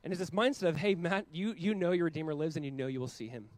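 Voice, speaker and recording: Earnest pastor preaching, swinging loud to soft. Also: male voice, a little high, no room sound, low-quality recording. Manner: earnest, rising to loud emphatic peaks and dropping to quiet, slow lines. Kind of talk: sermon.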